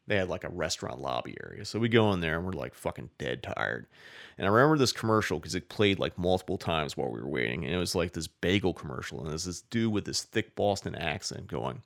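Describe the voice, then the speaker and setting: A man with a deep, gravelly voice spins a long casual story. His talk rambles and is full of "like" and swearing, easygoing and unscripted. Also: big pitch swings, fast talker. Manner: rambling, profane, many "like" fillers.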